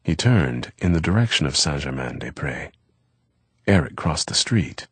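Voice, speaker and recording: A deep, low-pitched man narrates a novel in a measured, steady audiobook reading. His voice is husky, and the recording is dry and close. It sounds like a studio read. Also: no echo.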